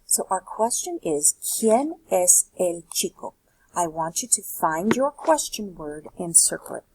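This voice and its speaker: A woman teaching Spanish walks through a worksheet step by step in a recorded lesson, asking rhetorical questions. Her voice is fairly low and sing-song at a measured pace, over a noisy background.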